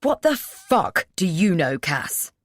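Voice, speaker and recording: A woman's voice: deep voice, a little slow, a little mellow, no room sound, clean studio sound. A woman voicing a hurt young man who pleads and turns sarcastic, in an audiobook reading. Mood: bitter.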